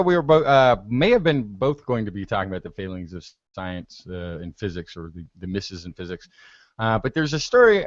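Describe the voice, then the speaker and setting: A man's voice: medium pitch, no echo, muffled recording. A man co-hosting a science podcast, talking hesitantly with many fillers. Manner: hesitant, full of "uh"s, lively. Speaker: podcast co-host. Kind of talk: casual science podcast chat.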